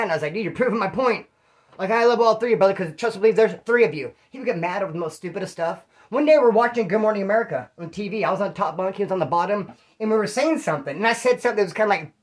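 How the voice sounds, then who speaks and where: Man, from California, former prisoner, casual profane slang, storytelling, quotes people aloud. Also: sits high. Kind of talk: casual storytelling, answering viewer questions.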